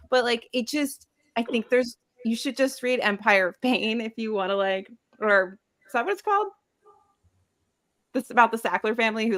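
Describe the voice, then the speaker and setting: A woman chatting on a book podcast, mid-pitched and plainly spoken. She delivers blunt, opinionated takes, peppered with "like" and quick restarts. Her tone stays casual and conversational throughout. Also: a bit bright. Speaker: podcast co-host.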